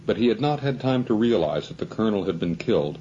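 Male narrator with a low, dark voice for a measured novel reading, on a dull-sounding mic. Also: expressive, slight background noise. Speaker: audiobook narrator. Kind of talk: scripted narration.

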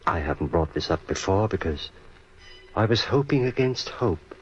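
An actor playing a calm, evasive male doctor in an old-time radio drama, reassuring and smooth-spoken, on a dull old recording. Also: low voice, moderate pace, faint music behind.

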